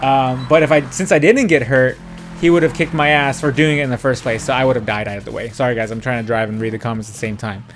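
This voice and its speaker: A man's voice: medium pitch, fairly even intonation, fast talker, faint music behind. A young man telling a story in a casual, rambling way while he streams a driving game, full of fillers and quoted dialogue. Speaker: gaming streamer.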